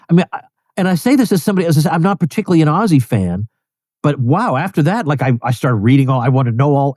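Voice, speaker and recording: A man's voice: a little high, darkish tone, no echo, studio quality. A man hosting a podcast, talking in an earnest, casual way with frequent restarts. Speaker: podcast host. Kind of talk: casual interview conversation.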